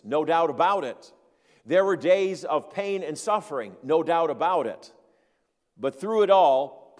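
A man preaching a sermon as pastor, earnest and emphatic, with steady repeated phrases. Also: on the high side, in a large hall.

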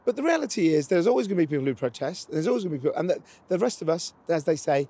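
A man's voice: a little high, sing-song, racing, warm tone. A man hosting a conversational interview, asking long, winding questions in a chatty manner.

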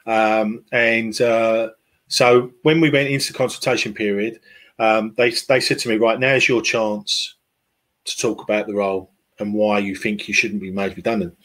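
A man's voice: lowish voice, steady tone, moderate pace, a bit bright. A man, a podcast guest, talking casually and hesitantly with many fillers and restarts. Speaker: podcast guest, football club fan liaison. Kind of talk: casual conversational interview.

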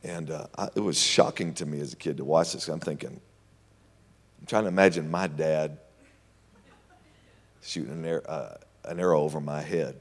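A man preaching a sermon, telling a story in an animated way, swinging between loud and hushed passages. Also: rumbling low, normal speed, long pauses. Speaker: pastor. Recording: long hall reverb.

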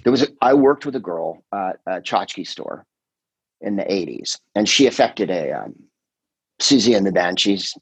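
A husky middle-aged man with a fairly low voice, chatting casually on a podcast. He rambles through stories, slips into quoted voices and swears freely. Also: animated, moderate pace, no room sound, poor audio. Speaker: comedian and podcast host. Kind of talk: casual chat.

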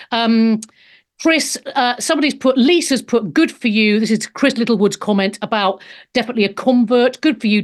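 Effusive woman hosting a live talk show. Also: on the high side. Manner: effusive, affectionate, halting. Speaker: host.

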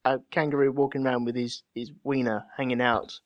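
A man's voice: medium pitch, little pitch movement, a little fast, lo-fi sound. A man hosting a casual podcast, chatty and giggly as he reads out news stories. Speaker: podcast host.

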